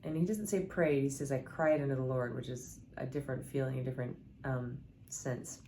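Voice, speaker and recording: With an extremely low, mellow, steady voice, a middle-aged woman speaks briskly over a little hiss or hum. In personal devotional storytelling, she earnestly and candidly pairs her own stories with scripture, full of fillers and restarts.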